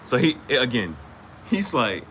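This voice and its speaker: A man's voice: medium pitch, sing-song, measured pace, a bit bright, a little hiss or hum. A man hosting an anime reaction channel, recapping an episode in a rambling casual way, repeating himself and quoting characters in slang.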